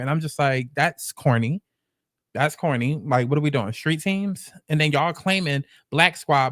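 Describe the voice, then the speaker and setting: A man's voice: a little high, no room sound, studio quality. Sassy Bronx man recapping reality TV. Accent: New York. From the Bronx, New York. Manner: sassy, animated, profane storytelling with mock quotes. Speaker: commentary host. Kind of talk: reality show recap commentary.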